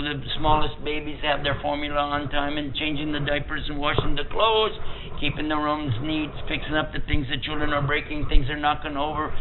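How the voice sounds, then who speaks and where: Older guy preaching, telling a family story, gravelly voice, sounds like a thin phone recording with some hiss. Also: fairly high pitch, phone-quality sound. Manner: vivid storytelling, acting out quoted voices. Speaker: Islamic preacher. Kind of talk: storytelling sermon.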